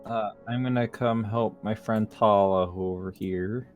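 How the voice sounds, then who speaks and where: A man's voice: on the low side, steady tone, a little slow, faint music behind. A man playing a tabletop role-playing game, easygoing and a little self-deprecating. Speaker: player. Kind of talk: casual tabletop game chat.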